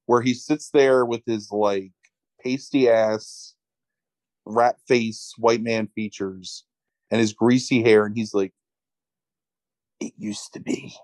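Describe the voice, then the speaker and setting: A man casually recapping a movie plot on a podcast, swearing freely and telling it with lively energy. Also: on the low side, slow, dry recording, low-quality recording. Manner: profane, animated retelling with acted quotes. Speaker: podcast co-host.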